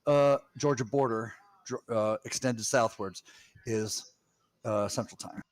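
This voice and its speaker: A man from Massachusetts streaming in casual chat, meandering and halting as he talks. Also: mid-range voice, no echo. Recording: loud background noise.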